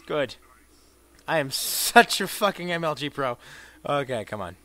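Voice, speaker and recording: Crude, excitable young gaming commentator, a man. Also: a little high, normal speed, long pauses, no echo. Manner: crude, profane, shouting bursts and mumbled asides. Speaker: gameplay commentator. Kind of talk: let's play commentary.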